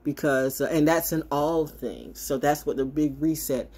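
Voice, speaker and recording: A woman's voice: sits low, normal speed, darkish tone, slightly rough. A woman holding a casual, brash, sassy monologue to camera as a self-styled spiritual oracle, swinging from mocking asides to blunt remarks.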